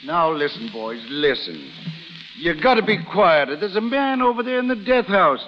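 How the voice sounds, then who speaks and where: A flustered, pompous sheriff. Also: male voice, high voice, big pitch swings, normal speed, fairly bright tone. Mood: fussy, indignant. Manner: placating, stammering "now, now". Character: pompous, flustered small-town male sheriff. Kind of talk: 1930s radio drama acting. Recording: hissy old broadcast with long reverb.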